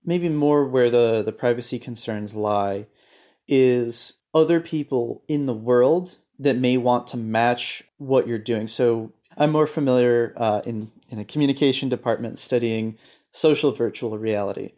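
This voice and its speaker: A man's voice: medium pitch, measured pace, a little mellow. A man, a researcher guest, explaining his work in a thoughtful, hesitant way. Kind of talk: interview explanation.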